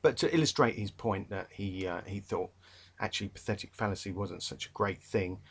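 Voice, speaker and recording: A man's voice: on the low side, a little fast, husky. A man with a London accent giving a rambling, chatty revision talk to literature students, full of fillers and restarts, and emphatic about a pet peeve. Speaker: English literature tutor.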